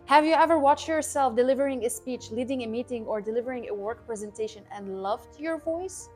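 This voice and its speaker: A woman who coaches public speaking, talking to camera in an energetic, emphatic way and repeating her key points. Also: on the high side, brisk, soft background music. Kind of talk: scripted educational talk to camera.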